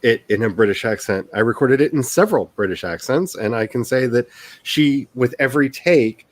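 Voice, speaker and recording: A man's voice: mid-range voice, a little fast, dry recording. A man who writes books, hosting a casual stream chat in a rambling, self-deprecating way and laughing often.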